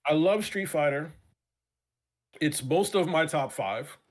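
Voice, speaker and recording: A man's voice: a little high, expressive, slow pace. A man as a guest on a casual live-stream chat show, ranting passionately with many repeats and profanity.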